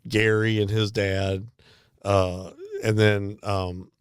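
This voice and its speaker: A man's voice: fairly low pitch, level tone, slow, smooth, dry recording, clean studio sound. A middle-aged man co-hosting a podcast, telling a long story with lots of fillers and laughs. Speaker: podcast co-host. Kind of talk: casual storytelling chat.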